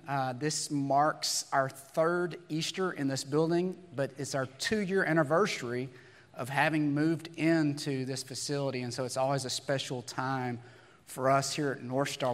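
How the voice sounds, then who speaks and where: A man preaching a sermon to his church congregation. He is hoarse and raspy from losing his voice, talks conversationally, and asks many rhetorical questions. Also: a little high, in a large hall. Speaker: pastor. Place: church sanctuary.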